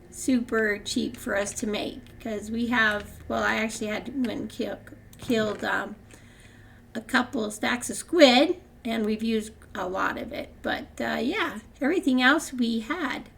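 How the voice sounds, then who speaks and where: A woman's voice: fairly high pitch, vocal fry, a little hiss or hum. An older woman hosting a gaming channel, chatting casually through her gameplay with frequent laughs and rambling restarts.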